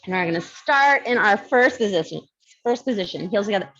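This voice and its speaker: A woman instructor leading a barre fitness class, chatty and quick to laugh, counting down reps, with a slight lisp. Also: medium pitch, expressive, fairly bright tone, highs cut off. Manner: mild lisp from new aligners.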